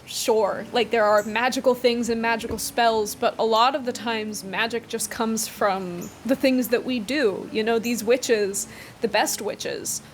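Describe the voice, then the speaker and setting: A woman's voice: fairly high pitch, slight background noise. A woman reading a story aloud and breaking off for chatty, enthusiastic commentary. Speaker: book vlogger.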